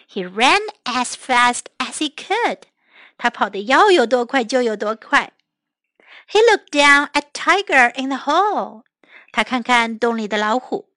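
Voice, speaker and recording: Slow, bright-voiced woman storyteller. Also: high-pitched, dry recording. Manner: reads each line then translates it, gentle and clear. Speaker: storyteller and English teacher. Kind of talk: bilingual children's story reading.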